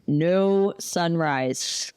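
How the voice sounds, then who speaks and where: A woman co-hosting a podcast in casual chat, animated and playful. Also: lowish voice, very slow, clean tone. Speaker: podcast co-host.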